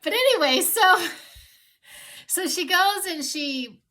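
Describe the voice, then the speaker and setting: Bright, excitable woman vlogger. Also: very high-pitched, slow. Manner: rambling, excitable, many fillers and restarts; emotional and grateful, laughs often. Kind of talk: casual chat to camera.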